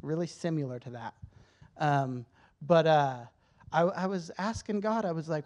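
A man's voice: a little high, moderate pace, a little mellow. A man giving a candid, conversational sermon-style testimony to a church, emotional at times and often restarting his sentences. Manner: conversational, candid, self-correcting. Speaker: church speaker.

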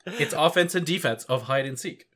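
A man's voice: a little high, normal speed, fairly bright tone. A man co-hosting a podcast in casual chat, easygoing and teasing. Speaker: podcast co-host.

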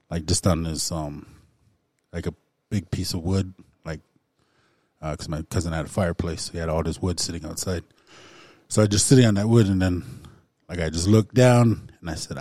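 Low, dark-voiced man sharing at a recovery meeting. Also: dry recording, clean studio sound. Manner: halting, frequent throat-clearing and fillers. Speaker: recovery group member sharing. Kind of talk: personal testimony in a recovery circle.

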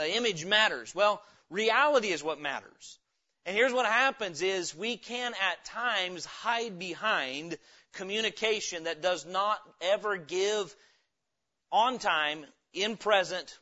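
A male pastor delivers a sermon with a high, bright, forward voice. He talks in a folksy, conversational way full of homespun stories, and the church recording sounds dull and lo-fi.

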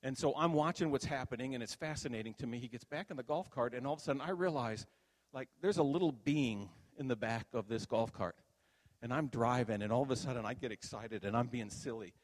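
An older man, a minister, giving a conversational sermon testimony and telling stories that grow animated at the high points. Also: brisk, long reverb tail.

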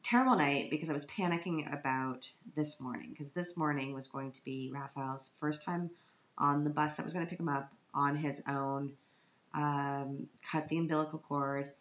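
A woman's voice: low voice, fairly even intonation, moderate pace, fairly bright tone. A woman in her thirties telling a personal vlog story about her child, dramatic and self-mocking, on the verge of tears. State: tearful, on the verge of crying. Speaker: parent vlogger. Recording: roomy, dull lo-fi sound.

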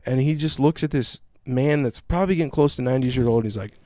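A male podcast host telling a story in casual chat, with a profane, animated ranting manner. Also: mid-range voice, quick pace, no room sound, studio quality.

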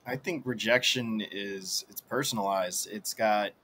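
A man in a casual chat, speaking slowly and in a considered way. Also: fairly low pitch, pushed and bright, a little hiss or hum.

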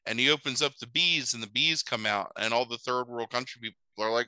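A man's voice: mid-range voice, fairly quick, hardly any pauses, pushed and bright, clean tone, no room sound, low-quality recording. A man hosting a podcast, recapping a film in casual chat, rambling and swearing, with many fillers and asides.

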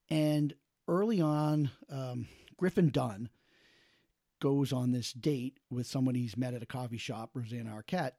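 A man, a podcast host, telling a casual and lively story about watching a film, acting out quotes with lots of fillers. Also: fairly high pitch, no echo, clean studio sound. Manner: animated, acts out quotes, many fillers.

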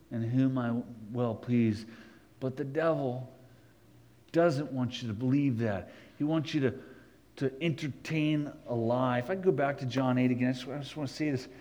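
A man preaching a sermon, rising to emphatic peaks and dropping low and slow to read scripture. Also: darkish tone, rough recording. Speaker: pastor.

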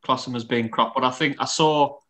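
Bright-toned podcast co-host, musing. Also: male voice, mid-range voice, steady tone, brisk. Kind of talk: casual podcast chat.

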